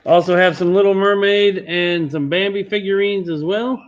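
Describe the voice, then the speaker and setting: Brisk man auctioneering, lo-fi. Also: sits high, steady tone. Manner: brisk, repeats bids. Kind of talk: live charity auction stream. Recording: dull lo-fi stream audio.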